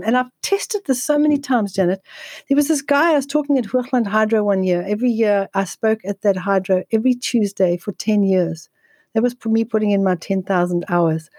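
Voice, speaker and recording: A woman guest speaking on nutrition in an interview, telling stories in a quick, energetic way with frequent restarts. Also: on the high side, no echo. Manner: fast, energetic, with frequent restarts and repeated words. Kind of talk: conversational storytelling interview.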